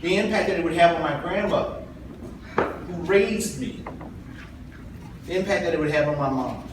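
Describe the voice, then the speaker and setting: Speaking at normal speed in a slightly high voice, a South Carolina man running for party chair gives a folksy, earnest political address that builds to rallying calls. The convention crowd fills a large hall, and the distant recording is echoey with faint noise.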